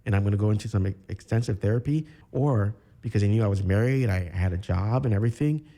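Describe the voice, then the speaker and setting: A man from Chicago, a podcast guest, telling his own story in a candid, reflective way with halting restarts. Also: on the low side, warm tone. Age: 30s. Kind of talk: personal storytelling interview.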